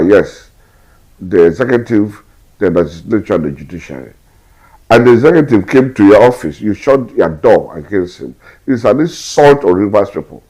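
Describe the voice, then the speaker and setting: Husky deep-voiced Nigerian man. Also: rough recording. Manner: forceful, repetitive rhetorical questions. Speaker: political commentator. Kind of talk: emphatic political commentary.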